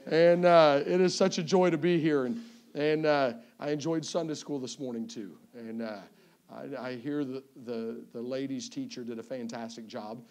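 A man's voice: medium pitch, fairly even intonation, normal speed, a little mellow. A man from Tennessee with a Southern accent, a visiting evangelist opening a sermon in a church in a folksy, joking way, often stumbling and restarting. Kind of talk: sermon introduction. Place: church sanctuary.

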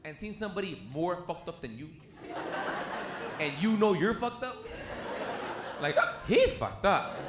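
A man doing a crude, animated stand-up comedy set on a club stage, slipping into put-on voices as he tells stories. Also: high voice, measured pace, pauses often. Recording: echoey club with noisy crowd. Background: audience laughter.

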